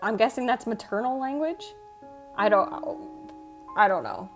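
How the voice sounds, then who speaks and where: Over quiet background music, a woman streams and chats casually, reading out what viewers write. Her voice sits a little high, expressive and a bit bright, at a measured pace, and she rambles, stops herself short, and drops the odd swear word.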